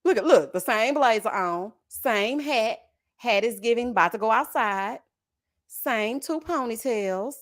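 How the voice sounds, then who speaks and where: A woman hosts a reality TV reaction show, chatting in a sassy way, laughing loudly, and calling her viewers honey and child. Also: a little high, animated, measured pace. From Texas. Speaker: host of a reality TV reaction channel. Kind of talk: casual reaction commentary.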